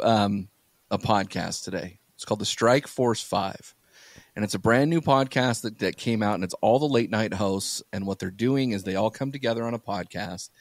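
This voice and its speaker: A man with a low voice hosts a casual podcast. He talks in loose, rambling runs with plenty of fillers and restarts. The recording is dry and close to the mic. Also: no echo. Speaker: podcast host.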